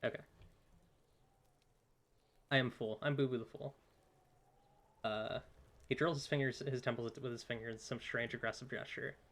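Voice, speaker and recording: A man on a live game stream, reading dialogue aloud and cracking himself up. Mid-pitched, easygoing and playful. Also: steady tone, normal speed, long pauses, a bit bright. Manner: playful, giggly, riffs on the game.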